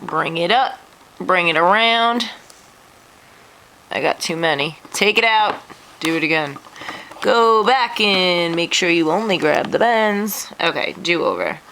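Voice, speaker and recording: A woman's voice: on the low side, animated, a little slow, pushed and bright, slight background noise, poor audio. A woman hosting a craft tutorial, walking through each step in a chatty, self-deprecating way while sniffling. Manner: chatty, self-deprecating, talks through her hands-on work.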